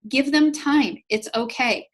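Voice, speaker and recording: A network marketing trainer leads a live online business training, talking straight to her audience in a chatty, upbeat, encouraging way. She has a high voice and speaks a little slowly.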